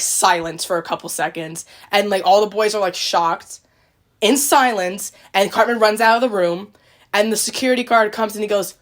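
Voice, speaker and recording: A woman hosts a podcast in relaxed, casual chat. She rambles through a retelling, full of likes and quick quoted voices. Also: medium pitch. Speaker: podcast host.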